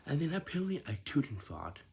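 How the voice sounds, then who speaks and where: A young man giving casual advice, talking in halting phrases that he often restarts and sometimes drops to a whisper. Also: fairly high pitch, sing-song, a little mellow.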